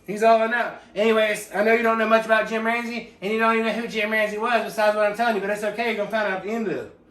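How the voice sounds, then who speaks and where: A man telling a rambling, profane comedic story in a deadpan way, full of tangents. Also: high voice, rapid-fire. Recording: echoey room, distant from mic.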